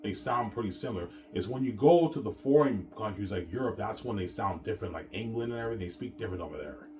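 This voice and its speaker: A man from Canada rambles through a vlog monologue in a very low voice. He loops back over the same points and lets his sentences trail off into filler words. Faint music plays behind him. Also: animated, fast talker. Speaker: vlogger.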